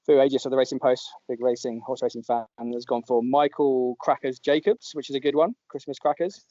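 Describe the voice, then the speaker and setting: A man's voice: medium pitch, fairly even intonation, fairly quick, warm tone, no echo. A man hosting a podcast, chatting casually and laughing often as he reads out listeners' joke entries. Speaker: podcast host. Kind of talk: casual chat. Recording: dull lo-fi podcast audio.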